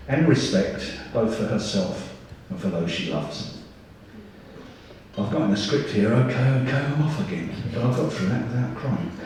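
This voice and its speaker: A man's voice: medium pitch, darkish tone. An older man giving a father of the bride speech at a wedding reception, emotional and joking, then leading a sing-along. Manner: emotional, joking, self-deprecating. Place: large wedding reception hall. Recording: echoey hall recorded from far off.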